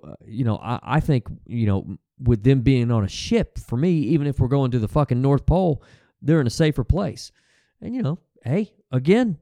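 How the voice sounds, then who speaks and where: A man talks casually as a podcast host, rambling from one thought to the next with lots of swearing and false starts. His voice is mellow and relaxed, and it sits dry and close with no room sound around it. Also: mid-range voice, dry recording. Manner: rambling, profane, restarts and fillers. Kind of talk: casual monologue.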